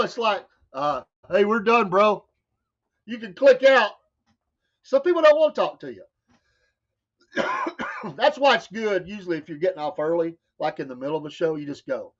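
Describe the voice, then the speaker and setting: Co-hosting a talk show, a man with a Southern US accent tells stories in casual conversation, laughing often and doing voices when he quotes people. His voice is high and sing-song, at a moderate pace with long pauses, in a dull lo-fi recording.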